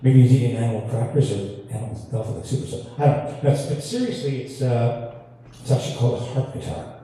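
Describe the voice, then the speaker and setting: Telling self-deprecating tales between songs, a guitarist from Canada keeps his on-stage banter easy and full of laughter for a large hall audience. His dark, mellow voice is medium-pitched and quick, caught by a far-off mic with long echoing reverb and faint ambience.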